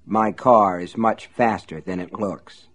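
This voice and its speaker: A man reading aloud and voicing a sinister male shopkeeper who speaks in a smooth, amused, reproving way. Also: on the low side, steady tone, takes it slowly. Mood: coaxing menace.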